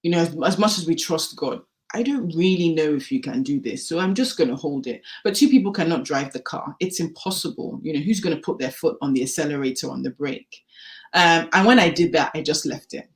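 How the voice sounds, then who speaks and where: A woman telling her personal story as a podcast guest, candid and animated, acting out the dialogue she recalls. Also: sits low, a little fast. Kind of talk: personal testimony in a podcast interview.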